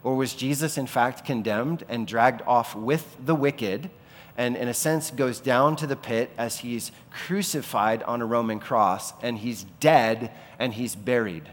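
A man's voice: medium pitch, a little slow. A man preaching a sermon as pastor, asking rhetorical questions and swelling to impassioned peaks. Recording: long reverb of a large hall.

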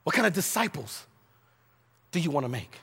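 A man's voice: fairly high pitch, big pitch swings, normal speed, vocal fry, fairly bright tone, slightly rough, in a large hall. A male pastor preaching a sermon, building emphatic repeated phrases and stumbling into restarts now and then.

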